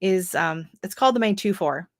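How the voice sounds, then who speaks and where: A woman's voice: on the low side, lively intonation, normal speed, dry recording, clean studio sound. A middle-aged Canadian woman with a Canadian accent, hosting a casual gardening livestream and reading out viewer comments, chatty and rambling with frequent laughs and fillers.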